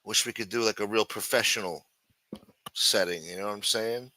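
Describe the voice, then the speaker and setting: A man hosting a casual livestream, greeting viewers with loud mock-preacher calls, crude banter and sing-song asides. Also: lowish voice, normal speed, a little hiss or hum. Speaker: livestream host. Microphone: desk microphone.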